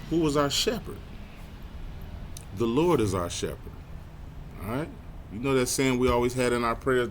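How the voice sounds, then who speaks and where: A man teaching a Bible study lesson in a casual, direct way. He slows right down to read scripture aloud, jumps up in pitch, and lets tag words trail off softly. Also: expressive, slight background noise. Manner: casual, addresses listeners directly.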